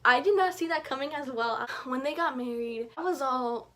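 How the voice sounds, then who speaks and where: Chatty high-voiced young woman. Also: moderate pace. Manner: chatty, excitable, acts out quoted reactions with big pitch jumps. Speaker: book reviewer. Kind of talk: casual book review vlog.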